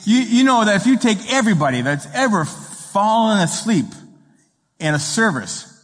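A man preaching a sermon as a guest pastor, telling jokes and stories with halting restarts. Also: high-pitched, very animated, long reverb tail. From raised in an Italian home. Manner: joking storyteller, halting restarts. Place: church sanctuary.

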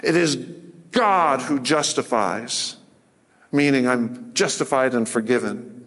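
A man's voice: mid-range voice, takes it slowly, a bit bright. A man preaching a sermon as pastor, earnest and plain-spoken, rising to emphatic force when he recites scripture. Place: church sanctuary. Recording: sermon with long hall reverb.

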